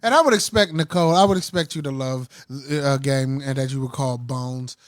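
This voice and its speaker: A man's voice: medium pitch, a little fast. A young man co-hosting a podcast in loose, profane, joking chat, laughing often into a close mic. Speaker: podcast co-host. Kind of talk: casual chat.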